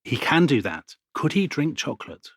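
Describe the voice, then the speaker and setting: A man co-hosting a history podcast, telling stories in an animated way and laughing often. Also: mid-range voice, moderate pace, slightly rough, dry recording, clean studio sound. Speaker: podcast co-host. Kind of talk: conversational history chat.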